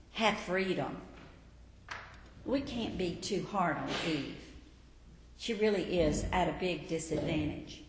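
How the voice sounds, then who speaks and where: A woman Bible teacher giving a teaching sermon in an emphatic, expressive way. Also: mid-range voice. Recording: echoey hall, faint background noise.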